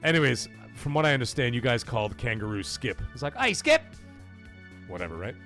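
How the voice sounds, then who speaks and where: A man's voice: medium pitch, lively intonation, quick pace, music in the background. A man hosting a casual gaming livestream, joking, swearing and bantering with his chat. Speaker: livestream host.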